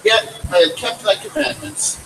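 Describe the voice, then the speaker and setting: A man voicing a struggling male shirt merchant pleading in salesman's patter, recorded on a distant mic with loud noise behind. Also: very high voice, expressive, normal speed, creaky, pitched above the performer's own voice, full character voice.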